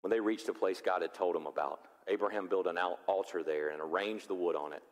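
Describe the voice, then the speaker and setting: A pastor preaching a sermon, animated and acting out the characters of the story. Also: male voice, sits low, brisk. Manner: animated, acts out biblical characters in voices. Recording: long reverb of a large hall.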